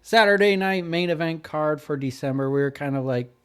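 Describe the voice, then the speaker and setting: A man's voice: fairly high pitch, brisk, clean tone. Man reading podcast notes aloud. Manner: reads notes and lists, hesitant with fillers. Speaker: podcast co-host. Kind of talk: casual chat, reading follow-up notes.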